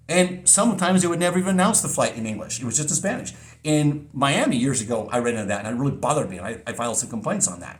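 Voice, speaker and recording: Male vlogger, emphatic and earnest; pitch swings widely, mid-range voice. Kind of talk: casual monologue.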